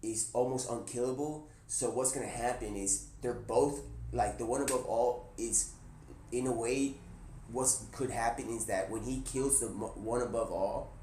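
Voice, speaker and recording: Excitable slangy man telling a story. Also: medium pitch, unhurried. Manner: excited, slangy, many restarts and "he's like". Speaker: Twitch streamer. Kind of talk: casual rambling storytelling. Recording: echoey room with faint background noise.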